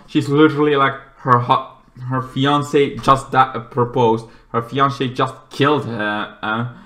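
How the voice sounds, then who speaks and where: With a mid-range voice, a man reviews a film in an offhand, rambling style. Frequent restarts punctuate his talk, along with loud shouted reenactments.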